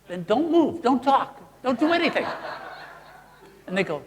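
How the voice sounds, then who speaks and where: A man presenting a live workshop, playful and animated, quizzing the audience as he teaches. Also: sits high, normal speed, in a large hall. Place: seminar room with an audience.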